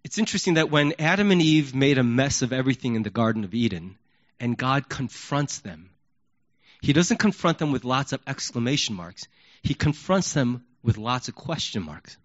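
A man preaching a sermon in an animated way, acting out yelled questions. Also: medium pitch, normal speed. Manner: animated, acts out yelling questions. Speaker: pastor. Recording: dull lo-fi recording.

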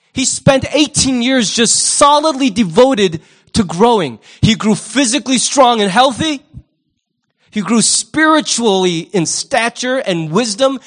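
A male pastor delivering a lively sermon, his voice sitting high for a man. He keeps it conversational and humorous, asking the congregation questions and slipping into quick character voices. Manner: conversational, asks the audience questions.

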